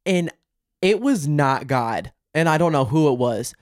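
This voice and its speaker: Animated woman host with a dry sound. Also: deep voice, measured pace, dry recording. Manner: animated storytelling with bursts of exclamation. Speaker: podcast host. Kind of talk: casual chat. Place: bathroom.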